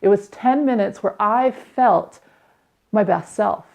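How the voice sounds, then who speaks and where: A woman's voice: mid-range voice, vocal fry, a little mellow. A woman in her thirties, a podcast host, reflectively telling a candid personal story about healing. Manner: candid, reflective, with quick acted quotes.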